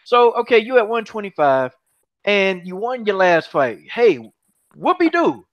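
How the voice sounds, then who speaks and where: An MMA podcast host talks in a heated, mocking manner, repeating himself and swearing freely. His male voice is high-pitched, with lively intonation and a moderate pace. The lo-fi podcast audio sounds dull.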